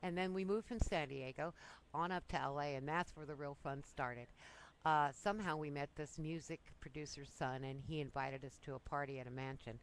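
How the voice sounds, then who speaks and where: A woman's voice: low voice, brisk, slight background noise, rough recording. A woman casually telling breezy, self-amused stories from her younger years. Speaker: storyteller. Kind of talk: casual personal storytelling.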